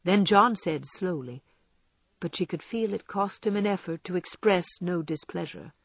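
Woman narrator, husky, dry close sound, expressive classic-novel reading. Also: fairly low pitch, moderate pace, no room sound. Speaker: audiobook narrator. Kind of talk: storybook narration.

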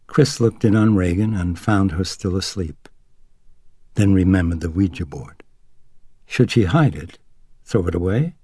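Male audiobook narrator, very low voice, husky, dry close sound, measured. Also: no echo. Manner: steady, measured storytelling. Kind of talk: scripted narration.

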